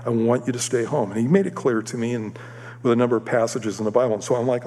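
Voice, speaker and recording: A man giving a sermon, telling a personal story in an animated way and acting out the voices of the other people in it. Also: mid-range voice, fast talker, slightly rough. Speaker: preacher. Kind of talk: sermon testimony. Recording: long hall reverb.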